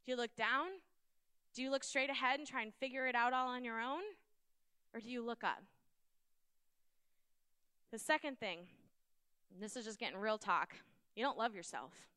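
Woman, sermon, smooth clear voice, dry close sound, earnest and direct. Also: a little high, normal speed, long pauses, pushed and bright, dry recording. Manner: earnest, direct, conversational preaching. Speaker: speaker.

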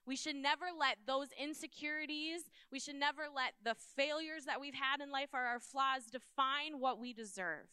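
A woman's voice: high-pitched, moderate pace, few pauses, sharp tone, dry recording. A woman giving an earnest, conversational sermon, speaking directly to her listeners.

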